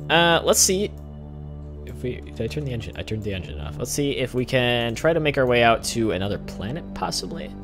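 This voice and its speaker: A young gaming channel host talks briskly in a mid-range, sing-song voice while game music plays underneath. He chatters through his let's play, stuffing quiet moments with side comments.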